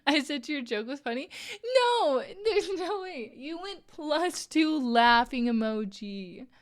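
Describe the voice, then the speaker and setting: A woman livestreaming as she crochets, talking with her chat in a relaxed, playful way. Her voice sits a little high, and she laughs often as she reads out and answers viewers' messages. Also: slow. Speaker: streamer. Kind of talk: casual stream chat while crocheting.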